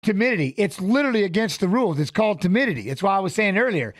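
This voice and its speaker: A watch-along host with a high-sitting voice talks very fast while casually commentating a fight live. Animated and repetitive, he coaches the fighters aloud, and the recording is clean studio sound without echo.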